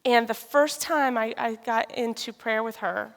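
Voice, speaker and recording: Woman with a fairly high, gravelly voice telling her testimony, acting out dialogue, recorded in a reverberant church. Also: a little slow. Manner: lively storytelling, acting out conversations. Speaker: speaker sharing a personal testimony. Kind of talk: personal testimony talk. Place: church sanctuary. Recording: reverberant hall.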